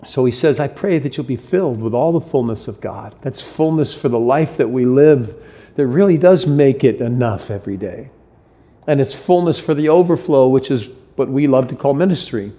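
A man's voice: mid-range voice, warm tone. A middle-aged man preaching a sermon as pastor, speaking earnestly and tenderly with frequent restarts.

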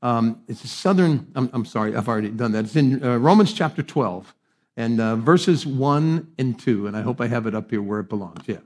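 Speaking in a mid-range voice at a fairly quick clip, a middle-aged man preaches as a pastor. He tells humorous tales at his own expense, his delivery alternating between quiet and lively.

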